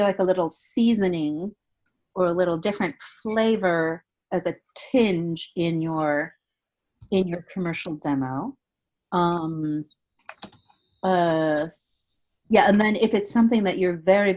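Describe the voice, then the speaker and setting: A woman hosting a webinar gives casual voiceover advice as a voiceover coach, talking in chatty bursts with frequent restarts and fillers. Her voice is fairly low-pitched with a darkish tone.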